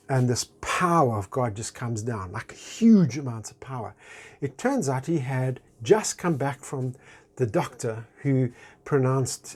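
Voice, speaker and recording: A man sharing a personal testimony in a chatty, expressive way, full of fillers and acted-out dialogue. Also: mid-range voice, husky. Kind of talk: animated personal storytelling.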